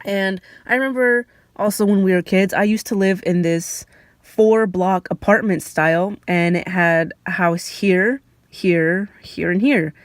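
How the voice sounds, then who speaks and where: A young woman vlogger telling childhood stories in a chatty, lively way, with laughs and fillers. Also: medium pitch, unhurried, no echo, studio quality. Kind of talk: casual storytelling.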